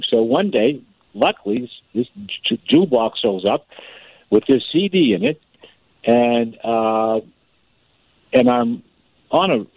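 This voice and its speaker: A man, a guest author, telling a family story in a radio interview, animated and often repeating words as he goes. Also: mid-range voice, a little slow, creaky, pauses often, no echo. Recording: tinny phone line.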